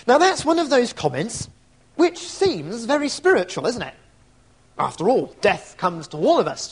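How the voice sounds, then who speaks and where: A man preaching an evening sermon, reflective and asking rhetorical tag questions. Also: high-pitched.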